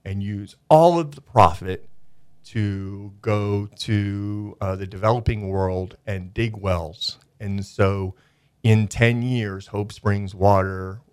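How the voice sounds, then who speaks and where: Chatty man with a low voice. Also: slow pace, a little mellow, smooth, no echo, clean studio sound. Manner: enthusiastic, rambling, many fillers. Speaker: studio guest, media company owner. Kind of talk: casual radio chat. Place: radio studio.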